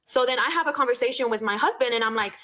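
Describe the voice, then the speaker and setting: A young woman rattles through a personal story at a fast clip, in a voice pitched a bit high. She is blunt and profane and slips Spanish phrases into her casual storytelling. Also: bright, forceful tone.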